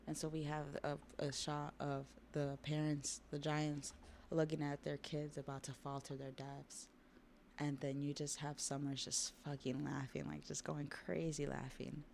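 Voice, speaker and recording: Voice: medium pitch, level tone, unhurried, creaky, darkish tone, slight background noise. A streamer casually recapping a comic on a livestream, with laid-back slang, laughter and swearing.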